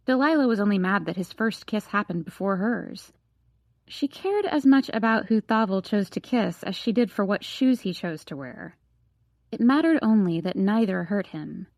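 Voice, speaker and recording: A woman's voice: medium pitch, lively intonation, moderate pace, vocal fry, no room sound. Woman narrating an audiobook, dry and close. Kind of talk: scripted narration.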